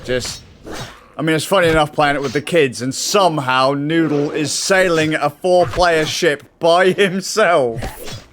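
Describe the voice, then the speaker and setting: Blunt, teasing man with a higher voice. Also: unhurried, a bit bright, a little hiss or hum. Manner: blunt, teasing, swears freely. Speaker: gamer chatting on voice call. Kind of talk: casual chat.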